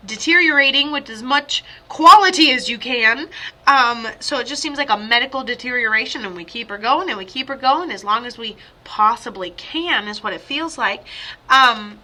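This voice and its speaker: A woman psychic medium talks through a reading for a client in a loose, rambling way. Her voice sits high and sounds bright and sharp. She breaks into sudden excited outbursts now and then, heard over a video call.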